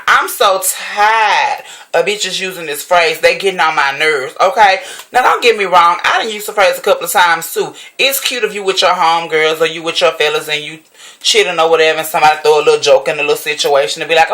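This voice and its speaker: A woman ranting casually to camera at home, profane and sassy, jumping up high in pitch when she exclaims. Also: fairly bright tone. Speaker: vlogger.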